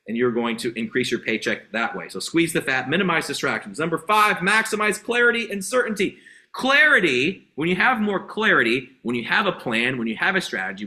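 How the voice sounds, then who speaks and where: Hyped, bright-voiced male sales coach. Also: on the high side. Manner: energetic, hyped, repetitive exhortations. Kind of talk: motivational sales training talk. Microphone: video call.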